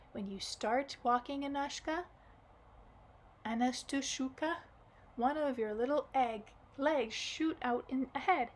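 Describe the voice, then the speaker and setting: A wise light-haired man explains things patiently and calmly, as a woman reads him aloud in an audiobook. The voice sits a little high.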